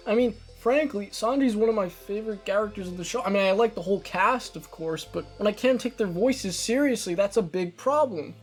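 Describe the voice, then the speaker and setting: High-pitched young male video essayist, sarcastic scripted rant, soft music behind. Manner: exasperated, sarcastic. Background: faint background music.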